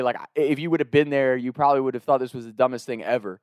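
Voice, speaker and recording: A man's voice: medium pitch, fast, hardly any pauses, no room sound, clean studio sound. A young adult man telling a personal anecdote casually, swearing freely and acting out the quotes with animation. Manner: profane, animated, acts out quotes. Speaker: storyteller.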